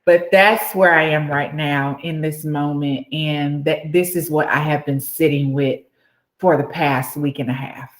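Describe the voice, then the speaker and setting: A woman guest in an interview, animated and emotional, fighting back tears as she talks. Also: deep voice, unhurried, echoey room.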